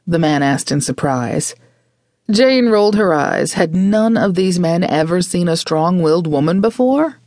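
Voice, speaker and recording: A woman narrating a romance audiobook in a measured, expressive way. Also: fairly low pitch, dry recording, clean studio sound. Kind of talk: scripted narration.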